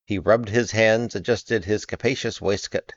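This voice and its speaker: A man narrating an audiobook with measured, expressive storytelling. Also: fairly low pitch, dry recording, highs cut off. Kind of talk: audiobook reading.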